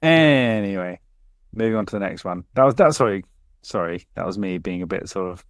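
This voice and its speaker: A man, co-hosting a casual podcast and telling sweary, animated work stories. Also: deep voice, fairly quick, no echo, clean studio sound. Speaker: podcast co-host. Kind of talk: casual chat.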